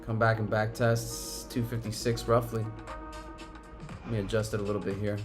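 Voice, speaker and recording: Over music, a man with a lowish voice talks at a normal speed while hosting a live stock market stream. He's excitable and heavily profane, flipping between cheering and panic as prices move.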